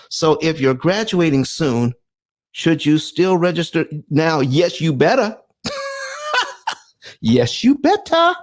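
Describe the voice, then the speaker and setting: A middle-aged man hosting a live stream, reading out viewer comments and answering them in an animated, preacher-like way. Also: mid-range voice. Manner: animated and preacher-like, calls for amens.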